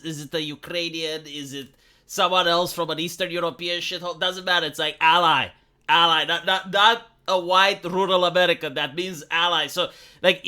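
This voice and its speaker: Romanian-accented male streamer, sarcastic rant, bright forceful tone. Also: sits high. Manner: sarcastic, filler-heavy, ranting. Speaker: live streamer. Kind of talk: casual political rant.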